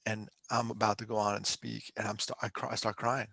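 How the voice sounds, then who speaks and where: Telling his story openly on a podcast, a middle-aged mental health speaker from Pennsylvania sounds emotional, chatty and quick to poke fun at himself. His voice is on the low side, flat and fairly fast, with vocal fry and a pushed, bright quality, and there's no echo.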